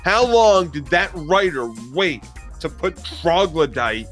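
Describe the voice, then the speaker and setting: A man's voice: fairly high pitch, big pitch swings, slow, a bit bright. Profane ranting man, faint music. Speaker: podcast co-host. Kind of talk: casual recap chat.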